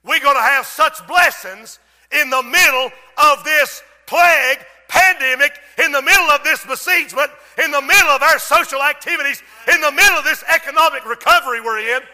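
A man voicing a scoffing royal officer who ridicules a prophet, shouting insults. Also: extremely high pitch, normal speed, big-room sound, pitched above the performer's own voice, exaggerated voice. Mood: mocking.

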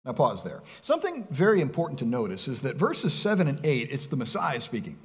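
A man's voice: mid-range voice, wildly swooping pitch, fairly quick, big-room sound. A middle-aged man preaching a sermon, earnest and emphatic, asking the congregation rhetorical questions. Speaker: pastor.

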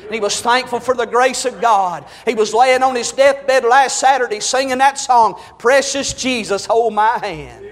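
A man preaching a fervent sermon, rising to shouts. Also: extremely high pitch, normal speed, few pauses, big-room sound.

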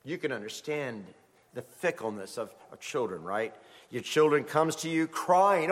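Animated middle-aged male pastor preaching. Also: medium pitch, normal speed. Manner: animated storytelling, acts out quoted voices. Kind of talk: sermon. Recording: long hall reverb.

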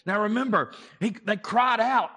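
A man's voice: sits high, normal speed, bright, forceful tone, breathy edge. A man preaching a sermon as pastor, speaking straight to his congregation and repeating his phrases with growing passion. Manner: impassioned, repetitive preaching; addresses the congregation directly.

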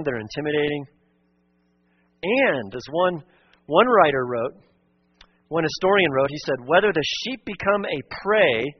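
A man's voice: a little high, breathy edge, dry recording, highs cut off. A male pastor preaching a sermon in an earnest, emphatic way, repeating his key points.

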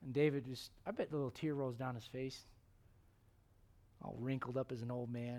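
A man preaching a sermon, telling stories and acting out the quotes, sometimes dropping to a hushed tone. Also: mid-range voice, moderate pace, pauses often. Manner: animated storytelling, acts out quotes, drops to hushed tones.

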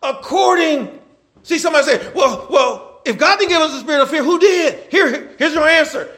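A male pastor preaching a sermon, swinging from loud shouting to quiet asides, with colloquial talk and lots of repeated words. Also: very high voice, animated, normal speed.

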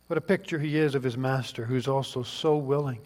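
A man's voice: medium pitch, fairly even intonation, a little fast, a little mellow. A man preaching a sermon in an earnest, pleading way that rises to fervent questions. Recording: long hall reverb.

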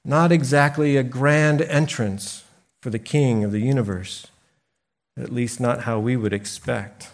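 Slow, deliberate male preacher. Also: medium pitch. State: briefly choked up. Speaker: pastor. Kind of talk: sermon.

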